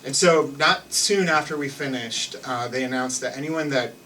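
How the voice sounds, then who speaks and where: A man's voice: mid-range voice, moderate pace, bright, forceful tone, far from the mic, slight background noise, low-quality recording. A young man telling a personal story on stage in a loose, self-mocking way, full of restarts and fillers. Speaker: live storyteller. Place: theater stage with an audience.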